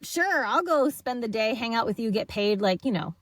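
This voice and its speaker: A woman guest on a podcast, telling her story in a casual, animated way, acting out the people she quotes and laughing often. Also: on the high side, normal speed, no room sound.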